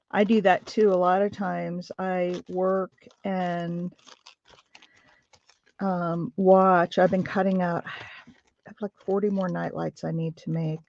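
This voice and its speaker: A woman's voice: medium pitch, darkish tone, dull audio. A woman hosting a craft livestream, chatting casually with viewers and thinking aloud as she works. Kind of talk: casual chat while crafting.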